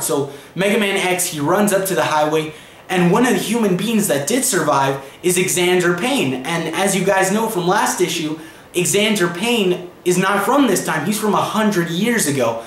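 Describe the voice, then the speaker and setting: Young male vlogger, high voice, chatty comic recap full of fillers, echoey room. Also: normal speed, slight background noise. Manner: chatty, filler-heavy retelling. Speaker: comic book reviewer. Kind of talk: casual video review.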